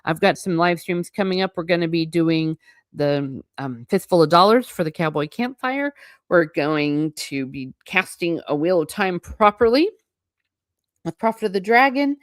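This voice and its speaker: Frank, opinionated woman with a low voice. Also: expressive, moderate pace, no room sound, studio quality. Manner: frank and opinionated, stumbling over words. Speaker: book channel host. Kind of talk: reading aloud and book commentary.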